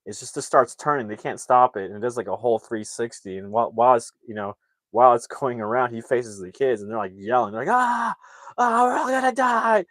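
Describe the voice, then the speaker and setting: A man's voice: mid-range voice, fairly even intonation, fast, fairly bright tone, no room sound. A man casually retelling a movie's plot, rambling with lots of fillers and acting out the characters' lines. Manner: rambling, filler-heavy, acts out quotes. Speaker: movie reviewer.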